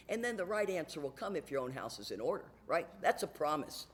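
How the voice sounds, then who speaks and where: A woman's voice: deep voice, sing-song, fairly quick, hardly any pauses, breathy edge. An older woman speaking at a recovery meeting, telling personal stories in a frank, chatty way and laughing often. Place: AA meeting room.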